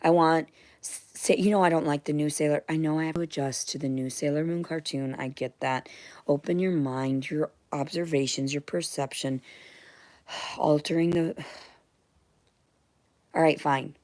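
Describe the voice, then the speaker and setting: A young woman in a rambling, emotional monologue, blunt and profane, jumping between loud outbursts and hushed whispers. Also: low-pitched, fairly even intonation, unhurried, no room sound. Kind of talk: rambling monologue to unseen listeners.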